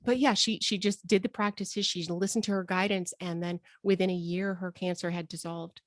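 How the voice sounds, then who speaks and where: A woman hosting a live video call with her students, gushing and excitable, often breaking into exclamations. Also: fairly low pitch, moderate pace, no echo. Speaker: host and healing coach.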